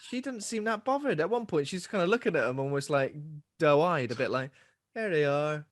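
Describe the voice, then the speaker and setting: A man in a casual film review podcast, animated and opinionated. His voice is dry and close, with no room sound. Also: on the high side, a little fast, dry recording. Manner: animated, comparing films to games. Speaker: podcast co-host.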